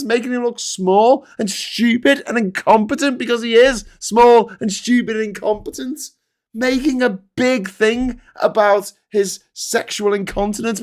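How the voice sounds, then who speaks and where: A middle-aged man hosting a live stream, talking in casual, animated, sweary commentary. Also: extremely high pitch.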